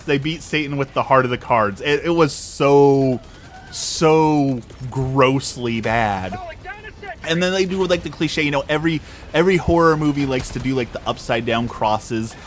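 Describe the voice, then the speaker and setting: A man's voice: medium pitch, a bit bright. A man streaming live, ranting casually with sarcastic, mocking exasperation. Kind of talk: casual rant to a live audience.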